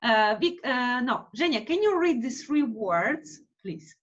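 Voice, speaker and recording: Slow, lively woman teacher. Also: a little high. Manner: slow, careful, repeats words for drilling. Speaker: English phonics teacher. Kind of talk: online class teaching. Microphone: video call. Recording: dull lo-fi online call audio.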